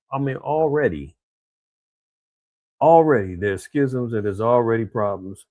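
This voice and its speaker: A man hosting a casual news commentary show, talking in an animated, slangy way and mimicking the leaders he quotes. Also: mid-range voice, a little slow, long pauses, dry recording.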